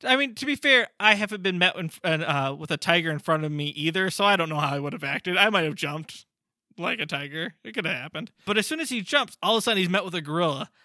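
A man's voice: high-pitched, dry recording, studio quality. A young man co-hosting a podcast in casual chat, animatedly retelling a comic's story and briefly acting out characters. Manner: animated, acts out characters in quick bursts. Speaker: podcast co-host.

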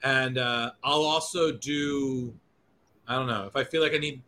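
Here the podcast host's mid-range voice sounds pushed and bright, moving at a normal speed with a little hiss or hum underneath. He's a man in casual conversation who rambles, uses profanity and revises what he says mid-thought.

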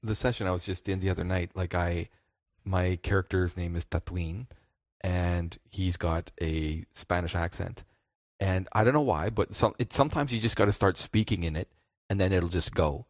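A deep-voiced man chats about game mastering, restarting his sentences with little stammers. His voice is recorded close and dry, with no room sound around it. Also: normal speed, no echo. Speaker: podcast co-host, game master. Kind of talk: casual chat.

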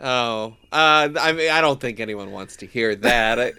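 A man's voice: medium pitch, lively intonation, moderate pace, sharp tone, smooth, no room sound. A man co-hosting a podcast, joking and rambling in casual comedic chat. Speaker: podcast co-host.

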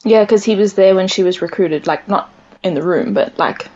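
A woman's voice: on the low side, moderate pace, slight background noise. Woman co-host on a muffled line. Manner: relaxed, thoughtful, giggly. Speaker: podcast co-host. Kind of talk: casual chat recapping a TV episode. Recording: muffled lo-fi audio.

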